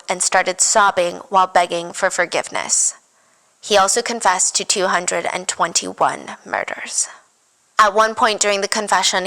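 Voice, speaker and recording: A woman's voice: medium pitch, poor audio. Woman hosting a true crime podcast. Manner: casual, animated retelling with wry asides. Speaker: podcast host.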